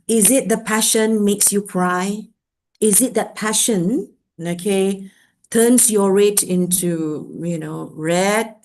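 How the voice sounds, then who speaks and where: A middle-aged woman with a Malaysian English accent, giving a workshop lecture in a lively way and filling her talk with "okay". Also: mid-range voice, slow pace. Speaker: workshop speaker.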